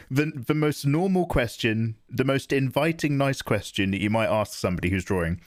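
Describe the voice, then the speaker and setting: Animated man chatting on an art stream. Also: mid-range voice, normal speed. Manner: chatty, self-deprecating, explaining his drawing choices. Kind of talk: casual livestream chat while drawing.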